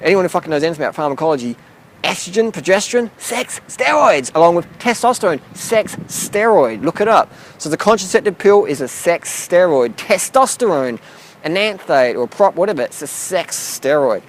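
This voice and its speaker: Aussie fitness vlogger, blunt and profane, talks in rambling asides, a touch high-pitched, light street noise outside. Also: male voice. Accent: Australian. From South Australia. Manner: blunt, heavy swearing, rambling. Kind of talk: casual rant to camera. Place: outdoors near a boat, urban.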